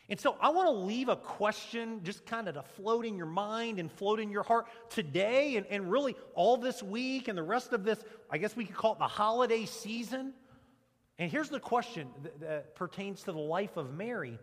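A male pastor preaching a conversational, animated sermon and leading the congregation in repeating lines. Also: high-pitched, a little slow. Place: church sanctuary. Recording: long reverb of a church hall.

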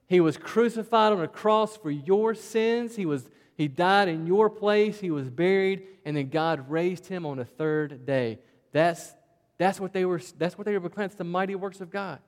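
A man with a Southwest Virginia country twang delivers a sermon in a folksy, conversational way, often saying "man" and "right?" His voice sits a little high for a man. The sound carries a long reverb, as in a large hall. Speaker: pastor.

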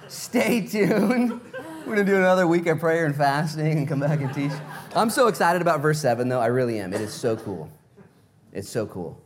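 A man's voice: fairly high pitch, expressive, normal speed, long pauses. A male pastor preaching a sermon in a casual, conversational way, full of rhetorical questions.

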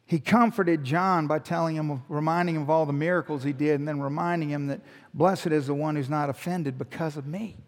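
High-voiced pastor teaching a sermon, lots of restarts, echoey church hall. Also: male voice, fairly even intonation, a little fast, hardly any pauses. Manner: conversational teaching, rhetorical questions, frequent restarts. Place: church sanctuary.

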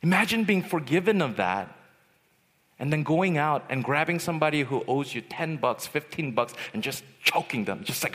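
At a youth retreat, a young preacher with a slightly high, somewhat rough voice speaks at normal speed, his words echoing with long hall reverb. He animatedly tells personal stories, performing the voices of the people in them.

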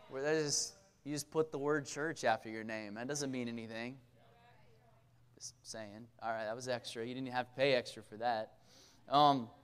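A man preaching a casual sermon at a youth camp, joking and talking straight to the audience with quick asides. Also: medium pitch, clean tone.

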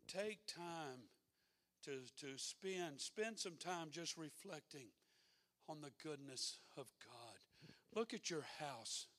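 Man preaching, fairly high voice, plain-spoken and down-home, building to fervent urging. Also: a bit bright. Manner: folksy and conversational, rising to fervent exhortation. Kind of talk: sermon.

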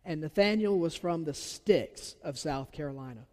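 An earnest pastor with a Southern accent delivers a sermon, his voice a little high for a man. He pushes some words out loud and drops others almost to a whisper. The room rings with a long reverb, like a large church hall. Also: expressive, normal speed. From Georgia. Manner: earnest, swings from loud emphasis to soft near-whisper.

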